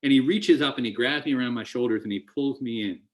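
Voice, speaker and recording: A middle-aged man tells his story at a recovery meeting, earnest and emotional, restarting his sentences many times. He speaks fast at a medium pitch.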